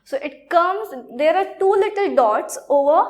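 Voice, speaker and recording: A woman teaching a French lesson in a video lecture, halting and repetitive, often saying "okay". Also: very high-pitched, animated. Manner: halting, repeats words, says "okay" often.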